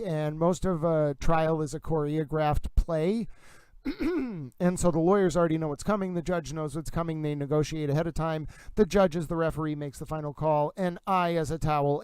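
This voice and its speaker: A man hosting a livestream about a trial, talking in a mock-grandiose, drawn-out sports-announcer manner. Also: a little high, a little mellow, clear, resonant tone, no room sound. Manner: pompous, drawn-out announcer delivery. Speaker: livestream host covering a trial.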